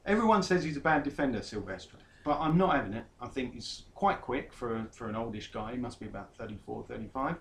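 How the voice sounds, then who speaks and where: Male co-host, mid-pitched, casual and teasing football banter. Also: lively intonation, a little fast, few pauses. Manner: chatty, laughs often, teasing. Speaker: vlog co-host.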